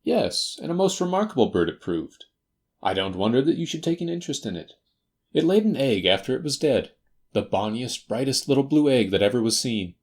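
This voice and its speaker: A man voicing a confident, faintly teasing detective in a crisp, assured manner for an audiobook. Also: mid-range voice, big pitch swings, a little fast, a little mellow, voice pushed up. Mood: cheerful. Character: brisk, confident male detective. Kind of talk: audiobook character voice.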